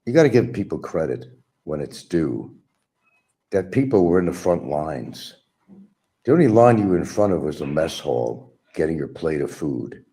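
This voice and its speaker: A man's voice: a bass voice, very animated, normal speed, mellow. A man hosting a stream, giving a combative, mocking monologue aimed at absent rivals. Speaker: livestream host. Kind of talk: ranting monologue.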